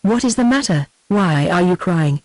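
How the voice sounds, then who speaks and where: A synthetic woman's voice with a British accent reading the lines of an earnest young man in an even, plain manner. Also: fairly low pitch, a little fast, dry recording, lightly acted, poor audio.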